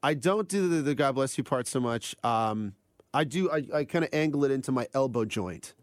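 A man's voice: mid-range voice, animated, moderate pace, no echo. A man co-hosting a casual radio chat in a studio, hesitant and self-deprecating, often laughing. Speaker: radio co-host. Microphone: studio microphone.

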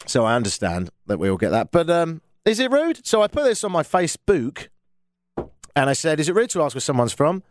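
A middle-aged Londoner hosts a call-in radio show from the studio, chatty, jokey and happy to poke fun at himself. His voice sits on the high side, very animated and a little fast. The sound is clean, with no echo.

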